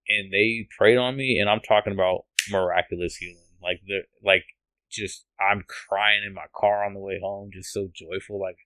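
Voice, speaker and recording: A man's voice: on the low side, fairly even intonation, moderate pace, bright, forceful tone, no room sound. A man guest on a podcast, telling an emotional personal testimony in an earnest, rambling way with restarts and laughs, from the United States.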